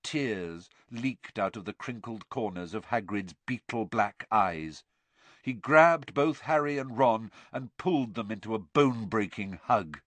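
A man narrating a storybook in a measured, expressive way. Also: lowish voice, dry recording. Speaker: audiobook narrator.

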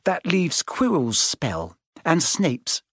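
A man doing a clever schoolgirl witch, brisk and know-it-all, her voice nudged higher than his own. She ticks off facts in a close, dry reading. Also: big pitch swings, fairly bright tone, no room sound, heavily acted.

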